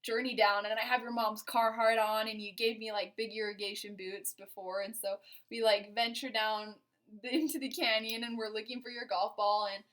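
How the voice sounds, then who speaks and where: A woman's voice: a little high, level tone, normal speed, a bit bright. A young woman telling a story to her partner in a casual, giggly way, with lots of "like" fillers. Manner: chatty and giggly, heavy use of "like". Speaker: vlogger recounting a first date to her partner.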